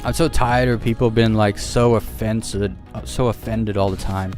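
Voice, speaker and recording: A man's voice: lowish voice, steady tone, normal speed, hardly any pauses, a little mellow, faint music behind. A man streaming a game live, chatting casually and shrugging off criticism with a laugh. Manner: casual and dismissive, laughing things off.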